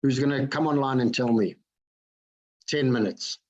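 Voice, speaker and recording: A man giving an energetic motivational talk to an online group. He keeps asking his listeners questions and repeats his phrases for effect. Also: medium pitch, normal speed, highs cut off. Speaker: motivational speaker.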